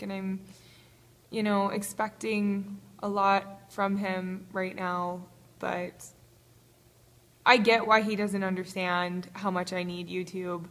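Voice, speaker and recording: A woman recording a confessional video diary on a phone held to her face in a small gym, tearful and halting, laughing nervously through her words. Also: medium pitch, a bit bright. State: tearful, crying. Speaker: vlogger. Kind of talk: emotional personal video diary. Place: small apartment-complex gym, indoors.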